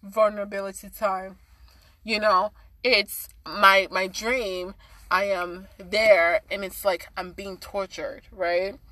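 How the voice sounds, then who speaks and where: Woman, casual podcast guest, impassioned, bright tone, dry sound. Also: medium pitch, flat delivery, slow pace, no echo. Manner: earnest, impassioned, many fillers.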